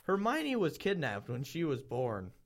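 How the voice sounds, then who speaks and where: A man with a slightly high voice reads overwrought fan fiction aloud in a flat, deadpan way. He keeps stopping to swear in disbelief, turning the reading into comedy. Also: unhurried.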